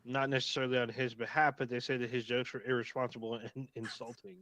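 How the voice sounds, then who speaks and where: A man in a relaxed podcast chat, running through facts with lots of "uh" and quick laughs. His voice sits in a middle register and sounds close and dry, with no room around it. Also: medium pitch, no room sound. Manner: reads facts aloud with fillers, laughs easily. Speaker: podcast co-host.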